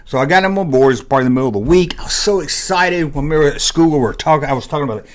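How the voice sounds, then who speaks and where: A man's voice: fairly high pitch, fast. A man in his fifties, a vlogger telling a chatty, rambling personal story with acted-out dialogue. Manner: rambling, chatty, animated retelling with acted-out quotes. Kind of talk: casual storytelling.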